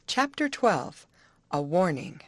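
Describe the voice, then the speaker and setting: A woman narrating an audiobook in a clear, expressive storytelling manner. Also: lowish voice, takes it slowly, dry recording, clean studio sound. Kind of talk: audiobook reading.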